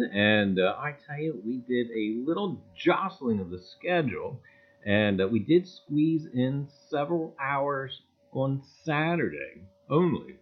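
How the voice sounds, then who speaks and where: Folksy livestream host, tinny sound. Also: male voice, fairly high pitch. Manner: folksy, greets viewers by name, repeats "I tell you what". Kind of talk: casual livestream chat. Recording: tinny phone-like audio.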